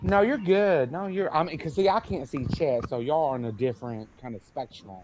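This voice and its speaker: A man co-hosting a casual group chat, animated, often laughing and stumbling over his words. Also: a little high, brisk, dull audio, noisy background.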